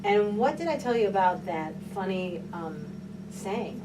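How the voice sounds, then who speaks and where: A woman's voice: mid-range voice, animated, measured pace, background noise. A woman teaching a private piano lesson, encouraging her student and counting beats aloud. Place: piano studio indoors. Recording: distant mic, loud piano playing.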